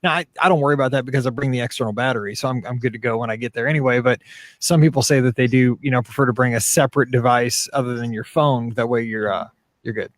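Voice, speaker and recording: A man's voice: mid-range voice, quick pace, no room sound, studio quality. A middle-aged man co-hosting a podcast, chatting casually in a rambling, self-deprecating way. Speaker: podcast co-host. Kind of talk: casual chat.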